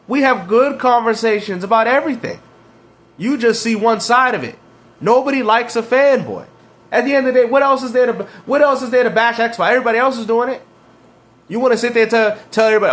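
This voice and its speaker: Animated, high-voiced man ranting. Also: fairly quick. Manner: mocking, slangy trash talk with laughs. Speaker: gaming commentator. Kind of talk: reacting to clips, ranting.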